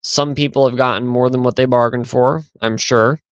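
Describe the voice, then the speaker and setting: A man's voice: medium pitch, fairly even intonation, moderate pace, clean tone, dry recording, highs cut off. A man hosting a podcast, talking through stories in a rambling, conversational monologue. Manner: conversational, rambling, with fillers and restarts. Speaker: podcast host. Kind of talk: casual storytelling monologue.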